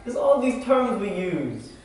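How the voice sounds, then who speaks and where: A man's voice: very high-pitched, very animated, unhurried. A young man preaching a casual sermon, talking loosely and conversationally with lots of "like" and "man". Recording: echoey hall from far off, faint noise.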